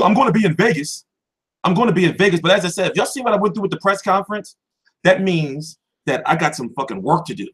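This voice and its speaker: A man's voice: fairly high pitch, a bit bright, breathy edge. A young man hosting a boxing channel, answering viewers in a heated, profane livestream chat.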